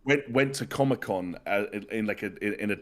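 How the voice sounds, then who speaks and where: A man's voice: on the low side, fairly quick. A man from the UK hosting a podcast in casual chat, rambling and restarting his sentences. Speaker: podcast host.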